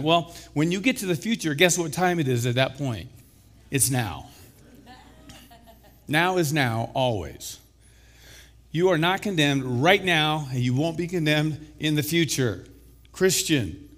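Emphatic pastor man, slightly hoarse. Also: fairly high pitch, animated, unhurried. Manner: emphatic, rising to loud exclamations. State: recovering from illness, slightly hoarse. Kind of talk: sermon.

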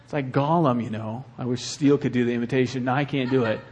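A middle-aged male pastor preaching a sermon with animated delivery and acted asides. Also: medium pitch, fast talker.

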